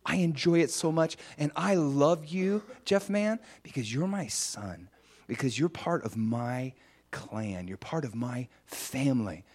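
A man speaking as a loving, fatherly God in a sermon, slow, soft and gentle. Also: fairly high pitch, gravelly, voice pushed up. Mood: tender. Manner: slow, soft, tender delivery.

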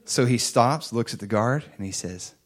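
A man preaching a sermon, reading scripture aloud and building to loud, emphatic lines. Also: medium pitch, lively intonation, normal speed. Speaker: pastor.

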